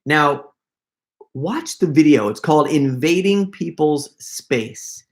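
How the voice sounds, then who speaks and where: Excitable man telling stories live. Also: a little high. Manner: excitable, rambling storytelling with quick asides. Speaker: prank video creator hosting a live Q&A. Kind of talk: casual livestream chat.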